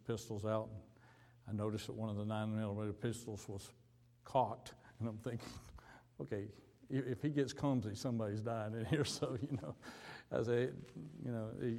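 A male pastor telling a story in a sermon, acting out both sides of a conversation with sudden leaps in pitch. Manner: animated storyteller, acting out dialogue with big pitch jumps. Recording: hall reverb.

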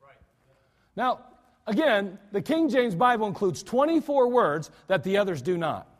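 High-voiced preacher with echoing reverb. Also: male voice, very animated, a little slow. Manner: emphatic, with frequent restarts. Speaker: pastor. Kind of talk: sermon. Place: church sanctuary. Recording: long church reverb.

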